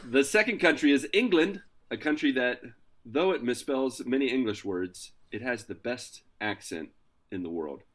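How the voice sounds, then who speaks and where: A man hosting a casual podcast, introducing his co-hosts with energetic, playful hype. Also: medium pitch, normal speed. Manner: energetic, hyped, playful announcer delivery. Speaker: podcast host.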